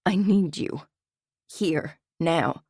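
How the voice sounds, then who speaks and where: A woman's voice: low voice, extremely slow, darkish tone, husky, no echo, clean studio sound, heavily acted. A woman reading the part of a grieving, frightened man who talks in a raw, weary, hurt way. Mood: pleading.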